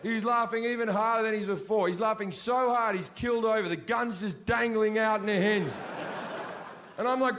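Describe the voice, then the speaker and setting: A man telling a crude, deadpan story as a stand-up comedian, breaking into sudden shouted outbursts. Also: sits high, moderate pace. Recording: live show with audience noise behind.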